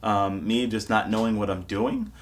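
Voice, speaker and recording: Deep-voiced young man reflecting. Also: moderate pace. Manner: relaxed, reflective storytelling. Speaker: independent musician. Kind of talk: documentary interview. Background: faint music.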